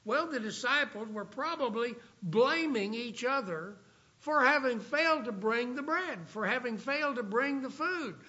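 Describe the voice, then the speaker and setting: A man preaching a sermon, reading scripture aloud and slowing down for emphasis. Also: very high-pitched, animated, pushed and bright. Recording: dull lo-fi recording.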